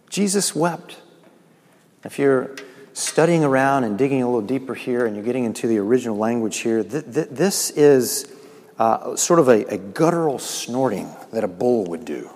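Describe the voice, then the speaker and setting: A man preaching a sermon as pastor, swinging from loud, lifted lines to quiet, low ones. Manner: preaching with sudden loud lifts and quiet drops. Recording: long hall reverb.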